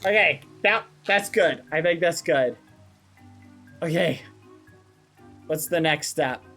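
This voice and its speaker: A man's voice: a little high, slow. A man livestreaming and chatting casually, fretting nervously and cursing mildly with "fudge". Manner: fretful, nervous, swears softly with "fudge". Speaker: streamer. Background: background music.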